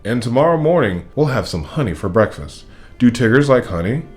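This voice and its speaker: A man reading a storybook aloud, voicing a gentle, simple male teddy bear who talks politely and mildly. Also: medium pitch, big pitch swings, fairly quick, soft background music, lightly acted.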